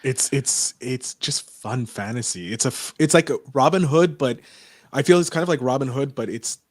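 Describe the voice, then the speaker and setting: A man's voice: medium pitch, no room sound. Eager man in a dry-sounding room. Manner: eager, piling up ideas with quick restarts. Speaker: podcast co-host. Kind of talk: casual movie review chat.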